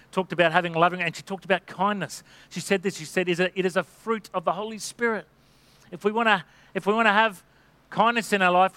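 Earnest high-voiced pastor, bright and dry. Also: male voice, clear, resonant tone, dry recording. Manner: earnest, exhortative, acts out quoted voices. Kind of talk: sermon.

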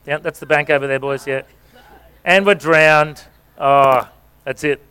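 A man's voice: on the high side, fairly even intonation, unhurried, pushed and bright, smooth. A man, a pastor giving a playful sermon and directing volunteers as he reads scripture aloud. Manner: jokey, playful, coaching volunteers on stage. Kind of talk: sermon with acted-out scripture reading. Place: church stage before a congregation.

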